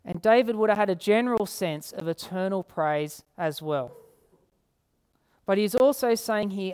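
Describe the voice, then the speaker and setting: A woman preaching a sermon, earnest, repeating key phrases and slowing down to read scripture. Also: mid-range voice, a little mellow, clean tone. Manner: slows down to read scripture aloud.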